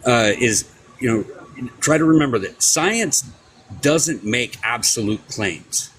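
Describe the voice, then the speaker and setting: Measured, explanatory man on a call. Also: mid-range voice, animated, a bit bright, slight background noise, low-quality recording. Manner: measured, explanatory, slow with fillers. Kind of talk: casual live stream debate.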